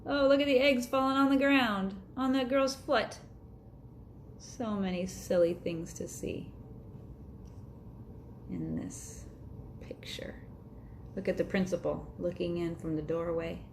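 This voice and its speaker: This children's storyteller reads a picture book aloud, playfully doing sound effects and chatting about the pictures. Her medium-pitched voice stays fairly even in intonation at a moderate pace, with a slight hiss or hum on the recording.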